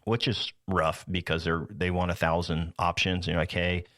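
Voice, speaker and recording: Guy with a really low voice talking sales on his podcast, lots of restarts, dry close sound. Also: level tone, moderate pace, a bit bright, dry recording. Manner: rambling, frequent restarts and asides. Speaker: podcast host. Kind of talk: casual teaching talk.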